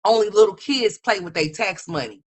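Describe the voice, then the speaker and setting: A woman commentator ranting with incredulous, profane, rapid-fire talk full of restarts. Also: mid-range voice.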